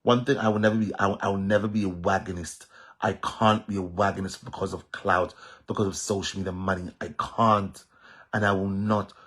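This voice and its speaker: A man's voice: low voice, flat delivery, brisk, fairly bright tone, husky. A man with a Jamaican accent talking straight to his viewers in a casual monologue, emphatic and repetitive, standing firm on his opinions. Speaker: social media commentator.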